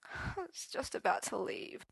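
A woman's voice: on the high side, lively intonation, moderate pace, vocal fry, bright, forceful tone, no room sound, full character voice. A woman doing a weeping heartbroken young man. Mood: tearful. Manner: tearful, half-whispered. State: crying.

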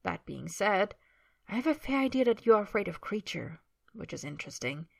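A woman voicing a calm, quietly teasing young man. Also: medium pitch, brisk, creaky. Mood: calm curious. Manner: quiet, reasonable, soft.

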